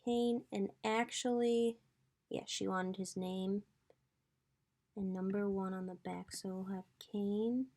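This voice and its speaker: A woman's voice: medium pitch, fairly even intonation, takes it slowly, warm tone. A woman in her twenties hosting a casual crafting tutorial, chatty and thinking aloud as she works. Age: 20s. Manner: chatty, gushing, talks to viewers as "guys".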